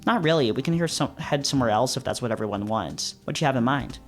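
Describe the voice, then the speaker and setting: A calm, sensible male musician from a visual novel talks in a reasonable, even manner, as a man reads him out. The voice sits at a middling pitch. Faint guitar music runs underneath. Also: quick pace, natural voice. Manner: level-headed, reasonable.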